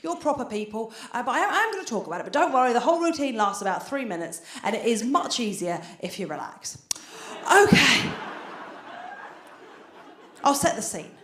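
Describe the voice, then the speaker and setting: A British woman on a theatre stage, working the crowd in a stand-up set with a bright, fairly high voice that swings widely up and down. She talks in a chatty, conspiratorial way, full of quick asides to the audience. The sound is roomy, with the hall ringing around her. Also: sing-song. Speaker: stand-up comedian. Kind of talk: stand-up comedy routine.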